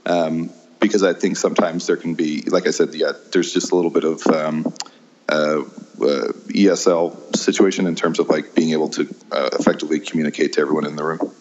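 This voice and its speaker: A man's voice: rumbling low, level tone, brisk, a little mellow. A man, an improv teacher chatting as an interview guest, hesitant with many ums and laughing at himself. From American Midwest. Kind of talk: casual interview chat. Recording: dull lo-fi sound.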